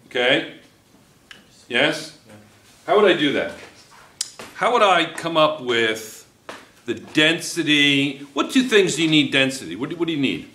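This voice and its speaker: A man's voice: fairly high pitch, big pitch swings, measured pace, pauses often, bright, forceful tone, slight background noise. A man teaching a chemistry review class, coaxing students with question after question. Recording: echoey classroom.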